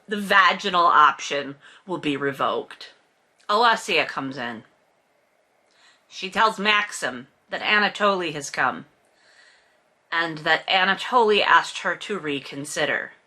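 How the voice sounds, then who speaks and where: A woman recaps a book with heavy sarcasm and frequent swearing, and her voice climbs into indignant rants. Her voice is bright and forceful. She talks casually, as if to regular listeners. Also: medium pitch. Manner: sarcastic, exasperated, swears often; bursts into loud indignant outbursts.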